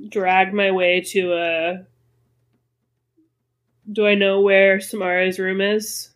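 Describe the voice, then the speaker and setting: A woman's voice: mid-range voice, flat delivery, takes it slowly, low-quality recording. Playful woman at the game table. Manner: playful, laughs often. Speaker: player. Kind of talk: casual tabletop game chat.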